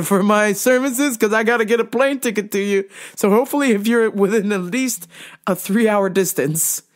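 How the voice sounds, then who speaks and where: Animated, swearing woman podcast host. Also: on the low side. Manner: animated, profane and exasperated, with laughter. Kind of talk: casual monologue.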